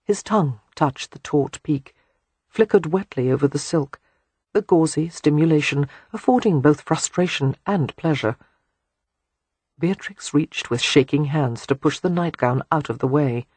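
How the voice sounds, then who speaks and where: An audiobook narrator giving a soft, even, intimate reading of romance prose. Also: mid-range voice, unhurried, husky, no room sound.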